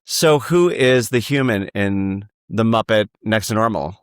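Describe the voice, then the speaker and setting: A man's voice: on the low side, lively intonation, unhurried, clear, resonant tone, no room sound, clean studio sound. A man as a podcast guest, chatting casually and playfully about theater. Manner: playful, joking.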